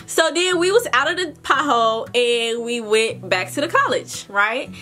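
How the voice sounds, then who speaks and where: A young adult woman vlogger telling a casual story, animated and chatty, talking straight to her viewers. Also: fairly high pitch, moderate pace, faint music behind.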